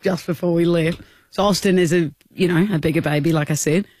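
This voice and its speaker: A young Australian woman hosting a radio show, telling stories in a lively way and acting out the people in them. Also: on the low side, brisk, no echo, studio quality. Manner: animated storyteller, acts out the people in her stories. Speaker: radio host. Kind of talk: casual radio banter. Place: radio studio.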